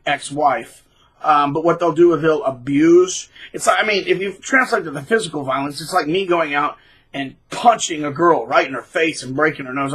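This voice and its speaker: A man's voice: sharp tone, husky. A man hosting his own channel, talking in a blunt, scornful casual rant. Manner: blunt, scornful, mocks people in shrill voices. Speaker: channel host.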